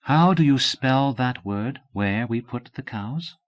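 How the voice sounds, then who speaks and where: A man reading a novel aloud, voicing a patient female speech teacher in a brisk, coaxing way. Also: mid-range voice, lively intonation, highs cut off, voice pushed up. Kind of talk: audiobook character voice.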